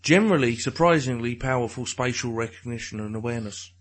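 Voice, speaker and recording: A man's voice: mid-range voice, fast talker. A man co-hosting a podcast in casual, crude banter, joking and laughing often. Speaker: podcast co-host.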